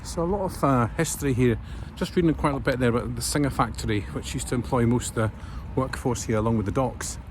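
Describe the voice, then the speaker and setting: A Scottish travel vlogger talks fast with few pauses in a medium-pitched voice while walking rainy town streets and a station. His casual narration is chatty and rambling, with frequent fillers, and the outdoor recording picks up clear street noise.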